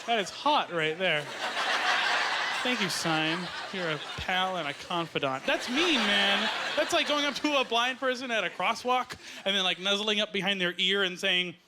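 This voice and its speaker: A Canadian man doing a stand-up set on a club stage, talking in a deadpan, rambling way with lots of uhs, recorded live with the audience. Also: moderate pace. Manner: deadpan, rambling with many uhs and lively jumps in pitch. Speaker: stand-up comedian. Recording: live club recording with loud audience laughter and ambient noise. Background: audience laughing and applauding.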